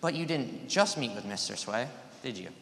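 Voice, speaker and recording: A man's voice: medium pitch, lively intonation, moderate pace, vocal fry, fairly bright tone, slight background noise. A teenage boy cross-examining a witness in a mock trial, pressing with leading questions and cutting in for yes-or-no answers. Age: teens. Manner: pressing, cuts in with yes-or-no demands. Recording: echoey room with long reverb.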